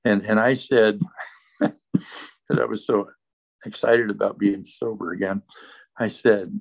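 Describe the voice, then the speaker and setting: A man's voice: on the low side, fairly even intonation, slow pace, vocal fry, pauses often, low-quality recording. A man sharing his recovery testimony as an interview guest, telling the story earnestly and in close detail.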